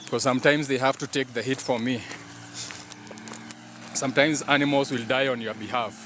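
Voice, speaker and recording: A man's voice: mid-range voice, steady tone, moderate pace. Man chatting outdoors near traffic. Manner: chatty, mixing in Swahili phrases, joking. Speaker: host of a live stream. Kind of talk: casual live stream chat while walking his dog. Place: outdoors by a road. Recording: outdoor noise, animals and traffic.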